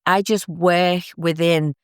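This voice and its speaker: A woman speaks in a low, even, very smooth voice. She talks gently and from the heart, unhurried, with soft asides along the way. The recording is close and dry, with no room sound. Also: no echo. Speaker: podcast host and psychic medium. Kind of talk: reflective spoken talk.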